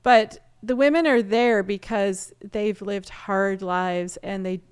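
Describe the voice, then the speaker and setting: A woman from Canada tells her own story as a podcast guest. Her voice is very smooth and resonant, and she sits at a middle pitch for a woman. She talks in an animated way and laughs often. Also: takes it slowly. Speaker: guest artist and photographer. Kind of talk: casual storytelling interview.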